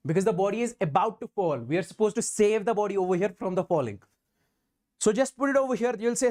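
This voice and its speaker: Here the physics teacher's voice sits high with a darkish tone, moving at a quick pace through his live online exam-prep class. Asking rhetorical questions, voicing the students' answers to himself, he repeats emphatic affirmations constantly.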